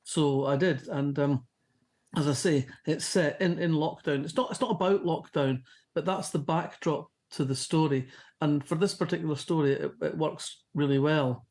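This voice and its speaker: A woman with a softened Fife Scottish accent, talking as a guest in a relaxed interview. She tells anecdotes in a chatty, storytelling way, pausing and restarting as she thinks. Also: low voice. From Scotland. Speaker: novelist guest. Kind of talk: casual interview chat.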